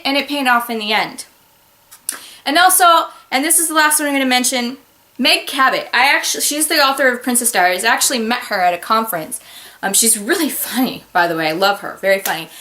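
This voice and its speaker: A woman author giving advice in a casual, animated talk to her viewers from a home office, breaking into sudden loud exclamations. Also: sits high.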